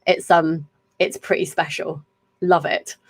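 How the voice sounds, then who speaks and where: A woman's voice: lowish voice, flat delivery, a little slow, vocal fry. An English woman in her thirties hosting a podcast, talking in a chatty, effusive way with rambling stories. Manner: chatty and effusive, tumbling storyteller. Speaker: podcast host. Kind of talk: casual live chat.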